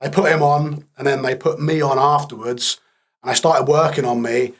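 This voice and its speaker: A man as a podcast guest, telling his story candidly in a blunt, matter-of-fact way with dark humour. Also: mid-range voice, steady tone, normal speed.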